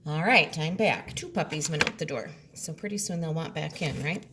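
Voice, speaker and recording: A woman with a slightly low voice gives a remote lesson from home. She explains each step patiently and plainly. A faint hum sits under her speech. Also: normal speed. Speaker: teacher.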